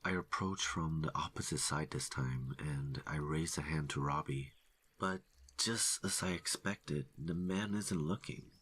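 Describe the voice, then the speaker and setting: A man narrating a first-person horror story in a steady, low-key delivery. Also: unhurried, husky.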